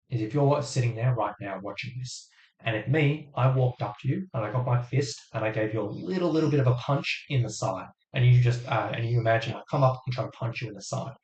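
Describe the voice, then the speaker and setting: A man hosting a live fitness Q&A who explains things step by step in a casual way, with lots of fillers, while his voice is going hoarse. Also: medium pitch, darkish tone. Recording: roomy echo.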